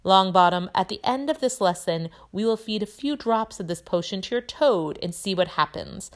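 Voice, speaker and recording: A woman's voice: mid-range voice, expressive, normal speed, pitched above the performer's own voice, lightly acted. Snape: a woman reading as a cold, cutting potions master. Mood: scornful. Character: cold, sneering male potions teacher.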